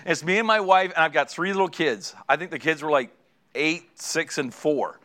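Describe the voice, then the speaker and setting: A middle-aged male pastor delivers a storytelling sermon in a bright, slightly raised voice. He is animated and slips into the voices of the people in his anecdote. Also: on the high side, normal speed.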